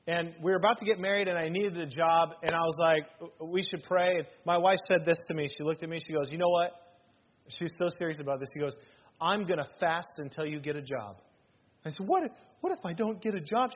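A man in his thirties preaching a sermon as pastor, earnest and emphatic, with sudden loud bursts. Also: fairly high pitch, muffled recording.

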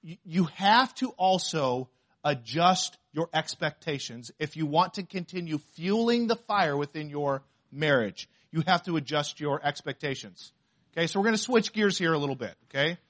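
A man preaching a sermon to a congregation, reading scripture aloud slowly and asking the listeners questions. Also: on the high side, lively intonation, fairly bright tone. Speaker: pastor.

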